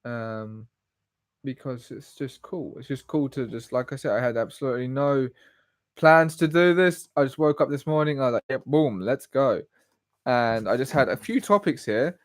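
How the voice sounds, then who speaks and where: Casting note: man, late twenties, mid-pitched voice, rambling livestream chat, dry close sound. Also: normal speed, no echo. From England. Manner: rambling, goes off on tangents. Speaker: live stream host. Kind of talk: casual solo livestream chat.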